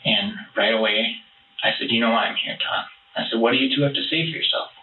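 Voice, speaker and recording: A man being questioned by detectives, telling his story in a halting, rambling way with many restarts, heard on a distant police interview room recording. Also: medium pitch, echoey room, phone-quality sound, slight background noise.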